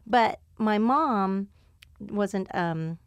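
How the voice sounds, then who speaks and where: A woman in a casual podcast chat, telling stories with animated swings in her voice and frequent laughter. Her pitch sits mid-range, and the sound is dry and close with no room echo. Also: drawn-out words, clean tone. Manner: animated storyteller, laughs often, frequent fillers. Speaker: podcast host and comedian.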